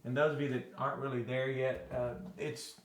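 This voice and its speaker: A man's voice: medium pitch, little pitch movement, brisk. Man from Arkansas, classroom Greek teacher, rambling and self-correcting, echoey room. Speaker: Bible teacher.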